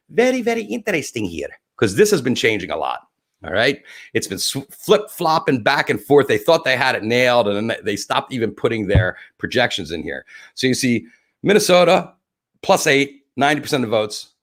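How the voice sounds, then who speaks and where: Brief: male livestream host, lively swinging pitch, loose profane banter, talks through numbers as he reads them. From New Jersey. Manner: rambling, profane, jokey, thinks aloud over numbers. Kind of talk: casual election commentary.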